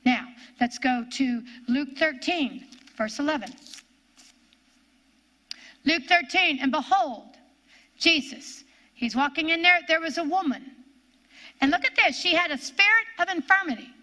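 A woman with an Ohio accent preaching a sermon, swinging between loud commands and low hushed tones. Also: animated, measured pace, pauses often.

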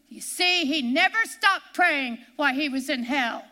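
A woman pastor preaching a sermon in a church, repeating her lines and slowing down to cry out the verses she reads. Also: sits high, lively intonation. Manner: impassioned preaching, repeats lines, slows and shouts on scripture.

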